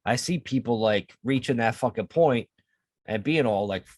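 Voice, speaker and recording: A man co-hosting a podcast in relaxed casual chat, rambling and swearing. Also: mid-range voice, normal speed, no room sound. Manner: laid-back, profane, rambling. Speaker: podcast co-host.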